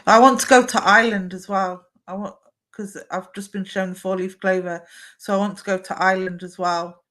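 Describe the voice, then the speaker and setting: A woman's voice: medium pitch, steady tone, brisk, fairly bright tone. A woman, giving chatty live psychic readings on a stream and relaying messages to a sitter.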